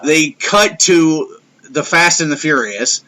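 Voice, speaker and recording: Dude ranting about a bad movie on a podcast, bright edgy voice, swears constantly. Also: male voice, fairly high pitch, lively intonation, slow pace. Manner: profane, rambling, sarcastic. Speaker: podcast co-host. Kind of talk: casual movie review chat.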